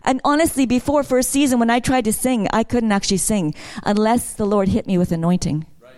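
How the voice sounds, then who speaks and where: A woman's voice: fairly high pitch, fairly quick, darkish tone. Middle-aged woman giving a church testimony, chatty and personal, building to fervent praise. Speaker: worship leader sharing a testimony.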